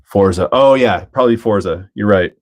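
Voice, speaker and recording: A laid-back middle-aged Canadian man with a fairly low voice hosts a casual livestream. He jokes, laughs easily and reads out chat messages while building a kit, with an easygoing and unhurried delivery. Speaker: livestream host.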